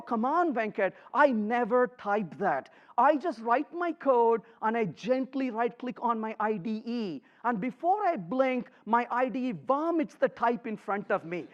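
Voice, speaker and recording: A conference speaker gives a live coding talk to a crowd, his pitch rising and falling in animated swings. He is emphatic and trades quips with the audience, and the recording sounds slightly dull and muffled.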